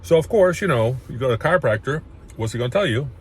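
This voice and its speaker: A man's voice: mid-range voice, expressive, fast, slightly rough. A man casually telling his own life story, rambling with frequent restarts and getting emotional at points. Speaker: chiropractor sharing his story.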